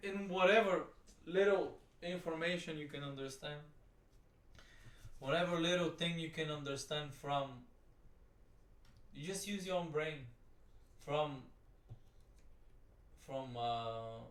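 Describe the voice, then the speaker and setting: A man's voice: a little high, a bit bright. A man giving profane, exasperated, rambling commentary while reacting to a video. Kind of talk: ranting commentary. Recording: roomy sound, distant from the mic.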